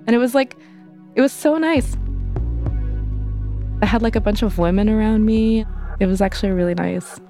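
A woman's voice: medium pitch, normal speed, pauses often, dark tone, faint music behind. A young woman telling a personal story in an interview, candid and loose, full of "like" fillers. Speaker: interview guest.

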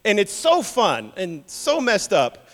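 A man preaches in a church. He tells stories in an animated, joking way and stumbles over repeated words. His voice sits a little high, and a long hall reverb trails behind each phrase. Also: slow, faint music behind. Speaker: pastor. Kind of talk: sermon.

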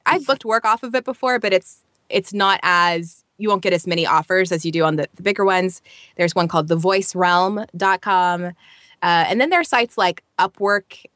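A woman voice actor talks casually as a podcast guest. Her voice sits a little low. She is thoughtful and practical and often restarts her sentences, recorded dry and close with no room sound. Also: normal speed, a bit bright, dry recording.

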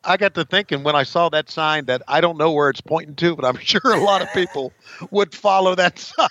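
A man's voice: fairly high pitch, fairly quick, bright, forceful tone, lo-fi sound. A man co-hosting a casual chat, telling profane stories and laughing often.

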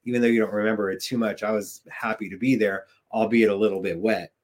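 A man's voice: fairly low pitch, steady tone, fast. A man hosting a casual interview, enthusiastic as he recalls events and asks questions. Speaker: podcast host.

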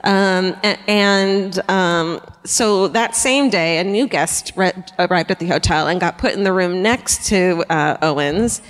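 A woman's voice: on the low side, unhurried, few pauses. A woman co-hosting a live comedy true-crime podcast, telling the story casually with swearing, laughing asides and acted-out quotes. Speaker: podcast co-host. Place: theatre stage before a live audience. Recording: live theatre with long reverb.

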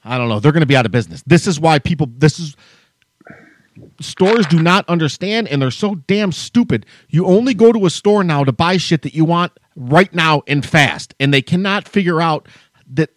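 A man co-hosting a podcast tells a long story as a heated, profane rant in casual conversation. His voice sits on the high side, and the recording is clean studio sound with no room echo.

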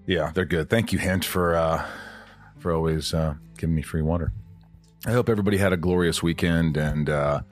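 A man's voice: deep voice, steady tone, a little fast, soft background music. A man hosting a podcast in casual chat, rambling and joking about himself. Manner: rambling, with self-deprecating humor. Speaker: podcast host.

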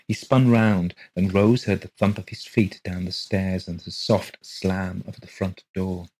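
A man narrating a ghost story for a podcast in a steady, measured way. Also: low voice, rough recording. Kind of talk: scripted ghost story reading.

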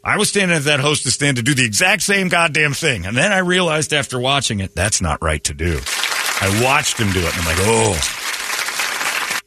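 A man's voice: medium pitch, fairly quick, a faint crowd, slight background noise. A man hosting a morning radio show, telling stories in a sarcastic, ranting way during casual banter. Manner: animated, sarcastic ranting storyteller.

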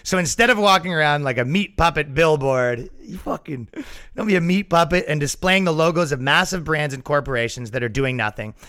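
A man's voice: on the high side, a little fast, a bit bright. A man hosting a podcast in a casual monologue, sarcastic, swearing freely and laughing at his own jokes. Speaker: podcast host.

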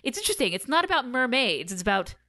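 A woman in her thirties co-hosting a film podcast, chatting casually, animated and laughing often. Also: fairly high pitch, quick pace. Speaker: podcast co-host, film reviewer. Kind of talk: casual film review chat.

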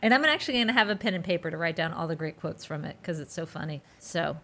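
A woman co-hosting a podcast in casual chat, animated and gushing with quick bursts of enthusiasm. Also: lowish voice. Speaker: podcast co-host.

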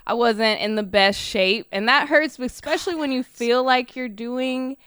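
A woman's voice: on the high side, a little slow, fairly bright tone, clear, resonant tone, dry recording, studio quality. A woman co-hosting a casual sports talk show, easygoing and thoughtful. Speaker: podcast co-host, former athlete.

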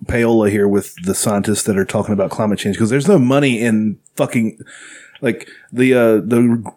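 A man's voice: on the low side, steady tone, normal speed, darkish tone. A man in casual podcast chat who jokes and laughs often.

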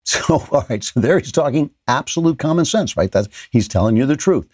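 A man's voice: medium pitch, animated, brisk, darkish tone, no echo, clean studio sound. An older man hosting a political commentary show, delivering an opinionated monologue with sarcastic asides and frequent restarts.

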